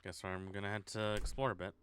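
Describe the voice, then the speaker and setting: A man's voice: on the low side, level tone, fast talker, a bit bright, a little hiss or hum. A man streaming a horror game, thinking aloud in a sarcastic, swearing way. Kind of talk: casual horror game let's play.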